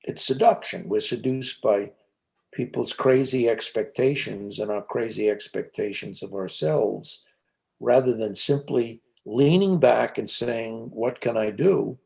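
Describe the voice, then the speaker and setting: A man's voice: mid-range voice, a little slow, gravelly, a little mellow. A man being interviewed, telling reflective stories in a conversational way with frequent restarts. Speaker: interview guest, psychologist and author.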